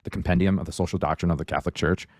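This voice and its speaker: A man, a Catholic commentator, speaking in a measured, explanatory way on a talk show clip. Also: sits low, steady tone, no room sound, clean studio sound.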